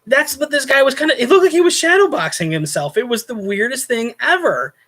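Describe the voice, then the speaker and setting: Brisk and animated, a man with a very high, sharp voice hosts a casual show and recounts a story from his former night shift as a hotel clerk. He acts out both sides of the argument, growing more and more indignant.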